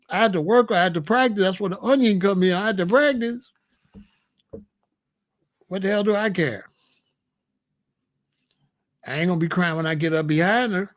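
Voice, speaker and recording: A man's voice: sits high, normal speed, pauses often. A man hosting his own commentary channel, joking and bragging in a casual, streetwise rant.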